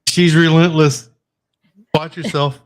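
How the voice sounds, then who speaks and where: A man's voice: fairly high pitch, little pitch movement, slow pace, a crowd in the background. A man in a casual chat, chatty and joking.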